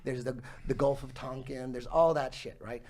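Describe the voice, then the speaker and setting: Animated, profane man in his forties. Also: medium pitch, moderate pace, a little hiss or hum. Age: 40s. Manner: profane, animated, laughs while telling. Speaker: podcast guest telling a story. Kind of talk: casual storytelling chat.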